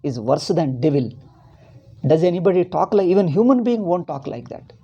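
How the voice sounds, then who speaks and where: A man's voice: a little high, lively intonation, moderate pace, dark tone, slightly rough, muffled recording. A middle-aged man from India with an Indian English accent, giving a rambling, impassioned religious discourse as a spiritual teacher. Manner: rambling and impassioned, with many restarts.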